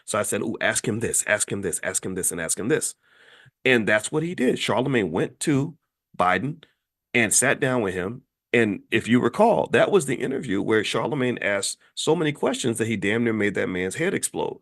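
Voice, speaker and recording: A man hosting an impassioned opinion commentary, swinging from low muttering to high outbursts. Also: animated, normal speed, a bit bright. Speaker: host.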